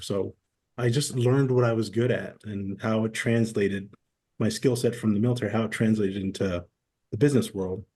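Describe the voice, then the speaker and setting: Man in his forties, husky voice, dark and mellow tone, relaxed storyteller on a podcast. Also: lowish voice. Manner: relaxed storyteller who acts out quoted dialogue. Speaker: podcast guest, former military. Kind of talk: casual interview storytelling.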